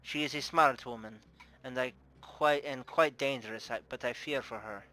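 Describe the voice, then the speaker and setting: A man's voice: mid-range voice, moderate pace, bright, forceful tone, natural voice, rough recording. A man voicing a shrewd, playful madam who runs her house with formal, teasing grace, in a put-on Russian accent. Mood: worried. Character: shrewd playful female brothel madam, middle-aged. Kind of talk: tabletop game character voice.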